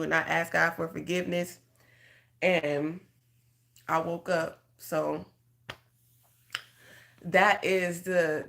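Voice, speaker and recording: A woman with a somewhat low voice gives a heartfelt spoken testimony. She talks earnestly and conversationally and keeps turning to her listeners directly as a faith coach. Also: fairly bright tone. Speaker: prophetic guidance coach. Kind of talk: emotional personal testimony.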